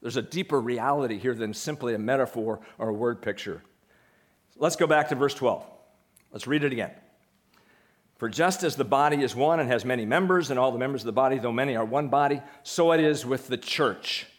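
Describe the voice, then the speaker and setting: A man's voice: medium pitch, fairly quick. A male pastor preaching a sermon in a conversational way, putting questions to the congregation.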